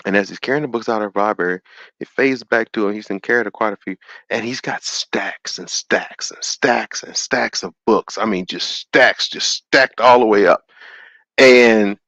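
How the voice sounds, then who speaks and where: A man hosting a call-in show, retelling a story in an animated, sermon-like way and acting out the quotes. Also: lowish voice, normal speed, no echo, dull audio.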